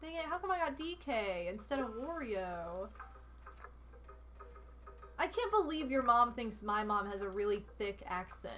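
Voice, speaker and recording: A young woman live-streaming a party card game, chatting casually and teasing her partner with animated exclamations. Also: fairly high pitch, measured pace, pauses often.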